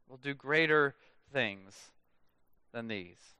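A man in his thirties preaching a sermon in a church, telling stories in a lively way and letting phrase ends fall away soft and low. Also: slow, pauses often, dry recording. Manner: animated storytelling with dramatic soft drops at phrase ends. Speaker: pastor.

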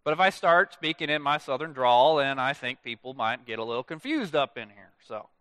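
A man in his thirties preaching a sermon in a church, telling stories in a lively way and letting phrase ends fall away soft and low. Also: a little fast, clear, resonant tone, dry recording. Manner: animated storytelling with dramatic soft drops at phrase ends. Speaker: pastor.

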